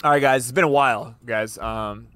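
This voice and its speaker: A man's voice: mid-range voice, a little fast, a bit bright. A man hosting a podcast in casual banter, joking and swearing as he rambles through stories, a little tipsy after a few beers. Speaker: podcast host.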